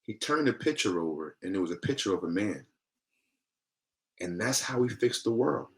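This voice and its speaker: A man guesting on a podcast, telling a story in an animated, lively way. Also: lowish voice, moderate pace. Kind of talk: conversational storytelling.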